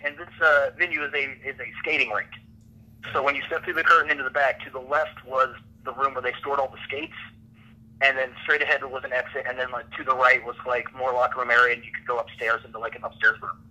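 A man's voice: medium pitch, fairly even intonation, quick pace, sharp tone, low-quality recording. A man casually telling a rambling backstage story on a podcast, often laughing between lines.

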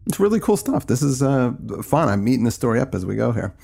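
A man's voice: mid-range voice, sing-song, quick pace, gravelly, warm tone, slightly rough. A man co-hosting a podcast, chatting casually and enthusiastically about a story, often restarting his sentences. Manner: enthusiastic, conversational, with frequent restarts. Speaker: podcast co-host. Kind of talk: casual podcast book discussion.

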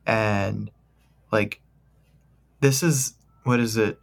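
A man's voice: lowish voice, steady tone, very slow, vocal fry. A young man co-hosting a podcast, talking casually in a joking, rambling, enthusiastic way. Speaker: podcast co-host. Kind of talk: casual chat.

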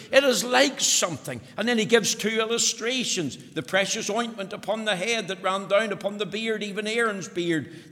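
A man's voice: high voice, bright, forceful tone. A man preaching a sermon in a church, earnest and emphatic, repeating words for stress. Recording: long hall reverb.

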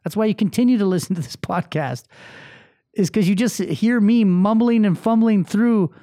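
His voice sits high and warm, and he speaks at normal speed: a man hosting a solo motivational podcast, bluntly recounting a bad day and feeling angry with lots of swearing and open emotion. Studio-quality audio, no room sound.

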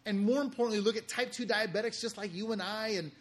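A man telling a story casually to his viewers, animated and slangy, tagging nearly every sentence with "okay?". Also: sits high, fast talker. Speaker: podcast host.

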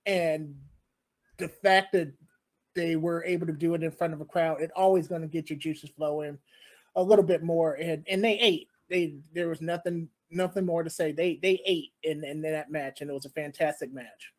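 A man's voice: fairly high pitch, fairly even intonation, moderate pace. A man co-hosting a podcast, talking casually and with enthusiasm, often repeating words. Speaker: podcast co-host. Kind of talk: casual wrestling chat.

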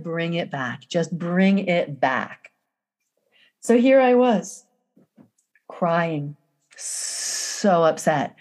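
A woman coach telling an emotional personal story in a dramatic, emphatic way, repeating phrases and pausing often. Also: fairly low pitch. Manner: emphatic, repetitive, dramatic pauses. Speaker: energy coach.

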